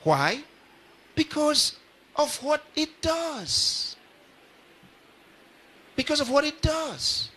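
A man's voice: extremely high pitch, big pitch swings, extremely slow, pauses often, sharp tone. A pastor addressing a live audience at a ceremony, repeating his phrases and putting questions straight to the crowd. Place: large ceremony hall.

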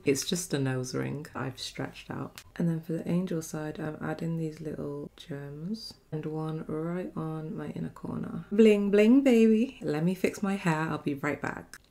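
A woman's voice: deep voice, vocal fry, a little mellow. A young woman chatting casually through a makeup tutorial as a beauty vlogger, giggly and chatty. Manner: giggly, chatty, often bursting into laughter.

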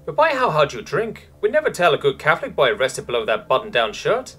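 A man voicing a cocky young female pilot cadet with a bright, teasing delivery. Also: a little high, wildly swooping pitch, quick pace, breathy edge, soft background music, voice pushed up, exaggerated voice.

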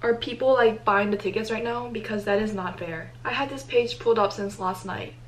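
A teenage girl talking to camera in a casual vlog, anxious and excitable, with many exclamations. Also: mid-range voice, brisk, rough recording. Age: teens. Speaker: vlogger. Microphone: compact camera mic.

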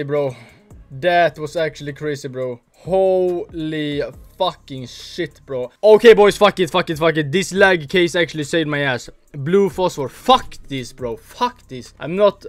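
Excitable, foul-mouthed young man, higher voice. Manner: profane, swings between hype and grumbling. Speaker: gaming streamer. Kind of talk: excitable gambling-site commentary.

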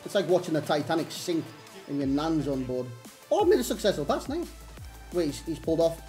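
A man's voice: on the high side, very animated, a little fast, mellow, faint music behind. A man, commentating his own video game match in exasperated, self-mocking rants. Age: 30s. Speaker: gaming YouTuber. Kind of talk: live gameplay commentary.

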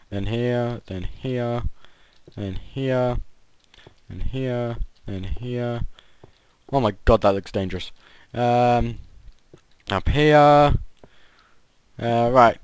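A man's voice: mid-range voice, clear, resonant tone. A man giving casual gameplay commentary, often groaning and yelping in frustration. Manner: frustrated, yelps and groans at failed jumps. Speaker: gaming channel host.

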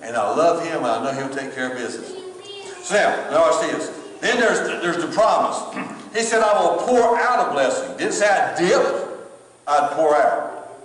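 A man's voice: fairly high pitch, moderate pace, a bit bright. A male pastor, preaching a sermon in a conversational storytelling way with emphatic repetition. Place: church sanctuary. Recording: echoey church hall, distant mic.

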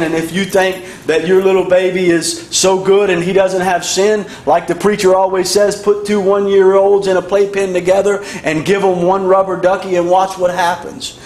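A man's voice: sits high, darkish tone. A man preaching a sermon, emphatic and repetitive in his cadence. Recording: echoey room.

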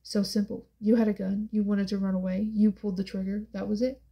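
A woman voicing a brooding, intense young man in an audiobook, speaking softly and quietly, with a flat, gravelly, dark tone. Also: fairly quick, lightly acted. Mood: soft, wry. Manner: soft, hushed and low-key. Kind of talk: audiobook character voice.

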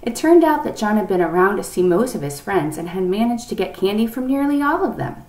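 A woman reads a children's storybook aloud in an expressive, lively way. She sits a bit back from the mic, and the room gives her voice a noticeable echo. Her pitch sits in an ordinary middle range. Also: brisk, recorded from a distance. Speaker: reader. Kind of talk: reading a children's book aloud.

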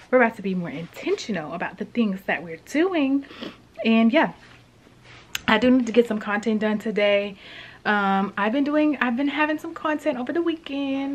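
Chatty young mom vlogging to camera. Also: female voice, medium pitch, a little hiss or hum. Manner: chatty, rambling with fillers. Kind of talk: casual vlog chat. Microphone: phone camera.

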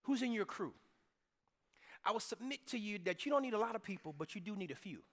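A man preaching a sermon to his church in an energetic, conversational way, now and then rising to a shout. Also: sits high, racing, big-room sound. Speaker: pastor. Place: church sanctuary.

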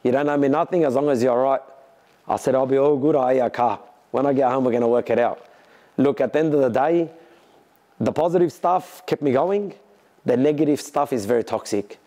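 An Australian man who builds and races cars, sore after a crash, tells the story candidly to camera. His medium-pitched voice moves fairly quickly, coming in emotional bursts as he vividly acts out what other people said.

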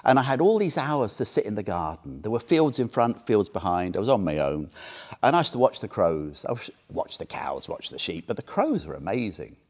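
Lively older man telling a story. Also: fairly low pitch, brisk. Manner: animated storyteller, tags sentences with "yeah?". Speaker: Buddhist teacher. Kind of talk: anecdotal dharma talk.

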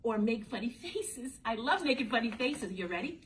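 A woman's voice: on the high side, lively intonation, moderate pace, pauses often. A woman teacher reading a picture book aloud to young children in a playful, sing-song way, often speaking to them directly. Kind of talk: children's storytime read-aloud. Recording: distant mic, faint background ambience.

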